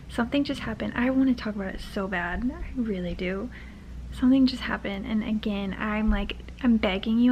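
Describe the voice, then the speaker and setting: A young woman chatting in a casual reading vlog from her bed, dramatic and gushing, often dropping into a hushed half-whisper. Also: a little high, moderate pace, slight background noise, rough recording. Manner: dramatic, gushing, repeats herself. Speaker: book vlogger. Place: bedroom, in bed.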